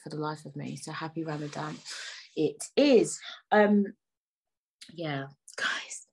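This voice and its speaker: Young woman, podcast host, low husky voice, rambling playful indignation, near-whispered asides. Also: moderate pace, darkish tone. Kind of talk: casual solo podcast chat.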